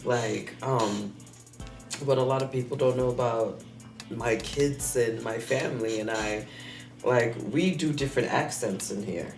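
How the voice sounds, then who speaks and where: A low-voiced woman comedian chats in an interview, telling animated, profane stories about home life and popping into silly voices. She is recorded in a roomy space with faint music underneath. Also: unhurried, recorded from a distance. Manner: animated storyteller, profane, slips into put-on voices. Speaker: comedian and mother. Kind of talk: casual interview chat.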